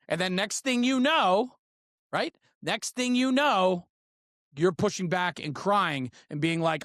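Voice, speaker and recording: A man's voice: high-pitched, animated, normal speed, fairly bright tone, dry recording, clean studio sound. A man hosting a fire service podcast, talking bluntly in a fired-up way and swearing freely. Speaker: podcast host. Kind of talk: casual podcast conversation.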